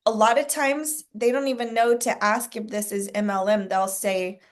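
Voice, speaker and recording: A woman at a mid pitch hosts a coaching session. She leads the group with many questions and patient explanations. Her talk is plain and conversational. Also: steady tone, measured pace. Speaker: sales coach hosting a training call.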